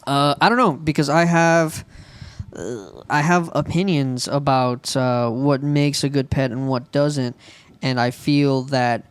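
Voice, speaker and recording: A man's voice: medium pitch, takes it slowly, clear, resonant tone, no echo. A man co-hosting a podcast in casual chat, joking and swearing often. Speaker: podcast co-host. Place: home studio in Florida.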